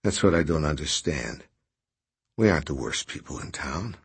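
A man voicing a weary, sad woman who speaks quietly. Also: very deep voice, lively intonation, moderate pace, breathy edge, no room sound, full character voice. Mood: despairing. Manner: quiet, despairing.

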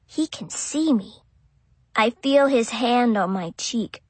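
Lady reading a story as a little kid, slow and careful, kinda high and husky. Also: animated, dry recording. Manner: simple childlike phrasing, slow and careful. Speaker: audiobook narrator. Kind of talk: first-person audiobook narration as a small child.

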